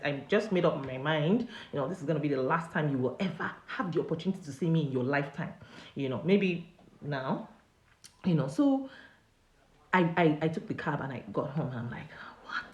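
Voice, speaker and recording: A Nigerian woman hosting a casual live chat and telling a personal story with animated swings in pitch. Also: echoey room. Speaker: host.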